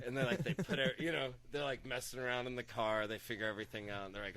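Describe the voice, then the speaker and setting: A man's voice: fast, few pauses. A young adult man casually telling a story on a podcast, swearing freely and acting out other people's lines. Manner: animated anecdote-telling, swearing, acting out quotes with raised pitch. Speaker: podcast co-host.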